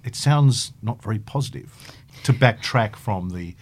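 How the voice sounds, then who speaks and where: A man hosting a radio podcast interview, asking lively, probing questions. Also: fairly low pitch, a little slow. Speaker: podcast host.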